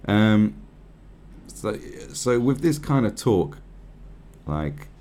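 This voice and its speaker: A man's voice: lowish voice, very animated, very slow, mellow, slight background noise. A man giving profane, rambling, sarcastic commentary on a news article.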